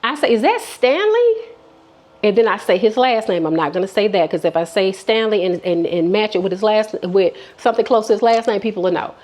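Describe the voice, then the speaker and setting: A woman's voice: mid-range voice, fast talker, hardly any pauses, a little mellow. A woman vlogger telling a personal story in casual chat, candid and chatty, often acting out what people said. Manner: candid, chatty, many fillers and restarts, quotes people.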